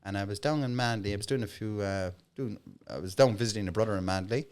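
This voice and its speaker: A man's voice: on the low side, fast talker, smooth. A man with a Cork Irish accent, a comedian guest telling a rambling story in casual chat. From Ireland. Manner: rambling, animated, keeps asking "right?".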